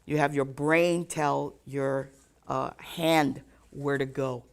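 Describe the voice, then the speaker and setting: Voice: medium pitch, steady tone, slow pace, vocal fry. A ukulele teacher giving a live online lesson, counting beats aloud and checking in with "okay?" after nearly every point.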